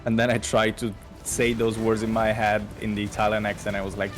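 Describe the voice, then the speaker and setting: A man's voice: on the low side, monotone, fairly quick, soft background music. A man co-hosting a game stream, chatting casually with easygoing, slightly non-native phrasing. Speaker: co-host. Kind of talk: casual gameplay chat.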